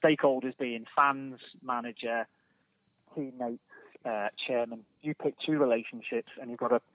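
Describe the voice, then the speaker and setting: A man's voice: medium pitch, steady tone, moderate pace, no echo. A man calling in as a guest, chatting casually and self-deprecatingly about his studies. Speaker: phone guest, former footballer. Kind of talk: casual chat. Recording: dry phone line.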